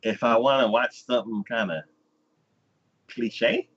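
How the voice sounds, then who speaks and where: A male anime podcast host talks through an episode recap in a casual, rambling way, acting out each character. His medium-pitched voice is sing-song, creaky and a bit bright, his delivery unhurried, and the audio dull.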